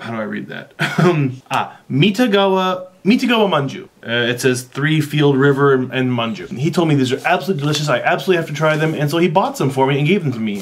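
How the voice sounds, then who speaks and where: A man casually chatting while tasting and describing a snack for his vlog, recorded on a camera mic at home. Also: medium pitch. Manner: chatty, rambling, eats on camera. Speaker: vlogger.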